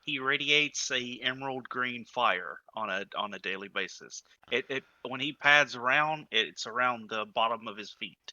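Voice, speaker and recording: Man, tabletop player, halting delivery, dry dull recording. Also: mid-range voice, sharp tone, no room sound. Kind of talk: tabletop game chat.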